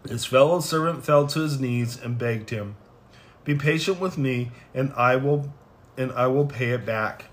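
A man reading scripture passages aloud in plain, unhurried reading with small stumbles, then closing in prayer. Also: medium pitch. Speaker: scripture reader.

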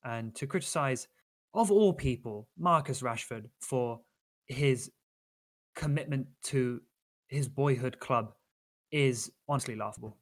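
A man's voice: mid-range voice, a little slow. Guy on a football podcast, earnest and critical, lots of ums and restarts. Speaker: podcast co-host. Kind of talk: casual football chat.

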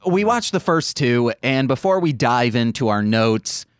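Unhurried man with an expressive voice. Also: mid-range voice, smooth, no echo, studio quality. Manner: relaxed, teasing, enthusiastic. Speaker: podcast co-host. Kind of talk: casual chat.

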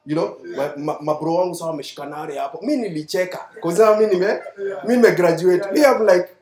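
A Kenyan man preaches in a church hall, his somewhat high voice ringing in a roomy echo. He switches between English and Swahili and calls for amens from the congregation. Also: fast talker, a crowd in the background. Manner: mixes English and Swahili, call-and-response, acts out his mentor's lines. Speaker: pastor. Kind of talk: sermon. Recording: echoey hall.

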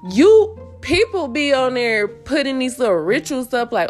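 A woman's voice: sits high, big pitch swings, a little slow, few pauses, faint music behind. A woman speaking casually to her viewers about her own life, emphatic and preachy, with repeated phrases, informal grammar and bursts of laughter. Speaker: vlogger sharing her personal story. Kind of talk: casual monologue to camera.

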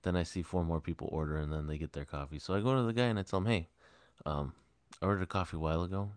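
Man, very low voice, dry close sound, casual podcast storytelling, swears a lot. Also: rapid-fire, clean tone, dry recording. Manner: profane, animated retelling with quoted voices. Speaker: podcast co-host. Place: podcast studio.

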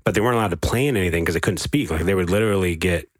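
A man joins a casual movie discussion, speaking in a relaxed, halting way and restarting his sentences. His voice is very deep. The recording is dry and close. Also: dry recording. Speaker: podcast co-host. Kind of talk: casual chat.

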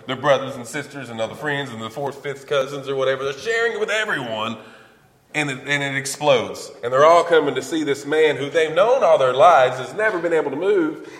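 Animated preacher in an echoey hall. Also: male voice, mid-range voice. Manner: animated, emphatic, with repetitions and restarts. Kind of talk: sermon. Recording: echoey hall with long reverb.

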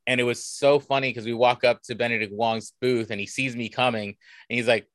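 Man, american, cosplayer guest, lively storyteller, mid pitch, dry close sound. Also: brisk, no room sound. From United States. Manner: animated, enthusiastic anecdote telling. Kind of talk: casual conversational storytelling.

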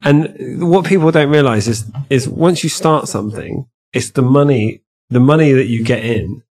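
A man's voice: medium pitch, moderate pace, a little mellow. A man hosting a podcast, chipping in with short agreeing yeahs and musing aloud in casual interview chat. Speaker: podcast host.

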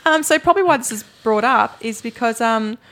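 A woman with an Australian accent co-hosting a film podcast, quick to laugh in casual chat. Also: a little high, fairly bright tone. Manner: good-humoured, quick to laugh. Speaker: podcast co-host.

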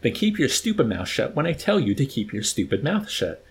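A blustery middle-aged army colonel barks and bullies in a raised, gravelly voice, as a man reading a novel aloud puts him on. His pitch jumps high and loud as he hectors, swinging widely from line to line. It is a storybook reading with the colonel's sarcasm in every word. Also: big pitch swings, fairly quick, a little hiss or hum. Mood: roaring. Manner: roaring, bullying, sarcastic.

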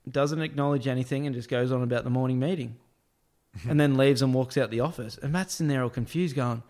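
A man's voice: mid-range voice, fairly quick, a little mellow. A man telling a casual anecdote about work, with crude slang, acted-out quotes and frequent laughs. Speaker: storyteller, construction worker.

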